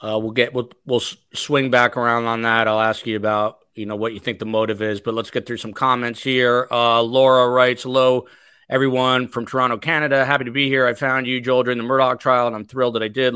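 A man's voice: medium pitch, flat delivery, fairly quick, pushed and bright, clean tone, dry recording. A man hosting a podcast livestream, chatting casually and reading viewer comments aloud. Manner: chatty, reads comments aloud, many fillers. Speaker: podcast host.

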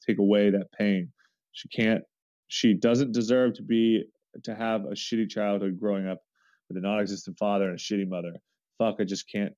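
A low, mellow man's voice reads a first-person forum story aloud, earnest and often restarting mid-sentence. The sound is dry and close, with a dull, lo-fi tone. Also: dry recording.

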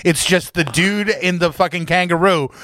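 A man co-hosting a podcast, telling crude animated stories with lots of swearing and laughter. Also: high voice, moderate pace, no room sound, clean studio sound. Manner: profane, animated storyteller, laughs often. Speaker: podcast co-host. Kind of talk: casual crude banter.

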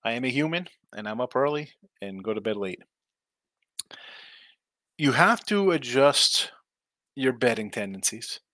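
A man's voice: medium pitch, animated, unhurried, long pauses, sharp tone, dry recording. A man hosting a casual live stream about sports betting picks. He talks in a loose, rambling way, reads chat aloud, and sounds tired. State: tired, yawning.

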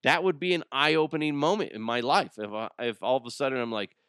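A man's voice: mid-range voice, brisk, a bit bright, clear, resonant tone, no room sound, clean studio sound. A middle-aged man hosting a podcast, chatting casually, laughing often and swearing freely. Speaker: podcast host. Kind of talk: casual solo chat.

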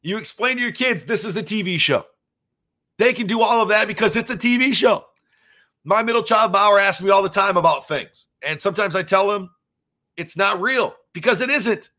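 A man in his thirties hosts a solo podcast with a bright, forceful voice that sits a little high for a man. He rambles casually, piling on fillers as he shares his take as a dad. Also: moderate pace. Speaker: podcast host. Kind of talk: solo reaction commentary.

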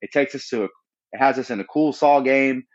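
A man's voice: medium pitch, a little fast, highs cut off. A man co-hosting a podcast, chatting easily about a horror film and thinking aloud with fillers. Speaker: podcast co-host. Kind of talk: casual movie review chat.

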